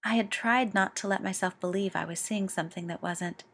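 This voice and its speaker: A woman voicing a composed older man who speaks softly and evenly in a story reading. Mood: tender. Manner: soft, low and measured. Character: composed older man, calm and quietly intense.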